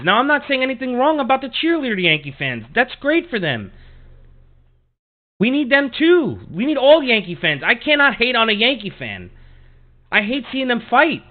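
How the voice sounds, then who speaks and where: A man hosting a sports podcast, swearing often and ranting heatedly in a monologue. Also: very high voice. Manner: profane, heated, repetitive ranting. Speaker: podcast host. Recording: tinny phone-like audio.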